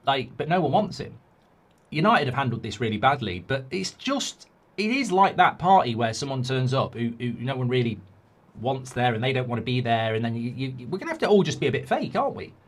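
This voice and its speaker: Exasperated man ranting about football. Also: medium pitch. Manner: exasperated, sarcastic, rhetorical questions. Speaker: football fan commentator. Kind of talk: ranting fan commentary.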